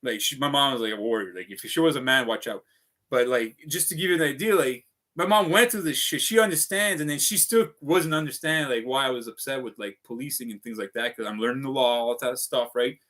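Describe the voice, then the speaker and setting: A man's voice: medium pitch, a little fast, fairly bright tone. A man rambling through a casual livestream, swearing often and piling up fillers as he talks. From Canada. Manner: profane, restless, full of fillers.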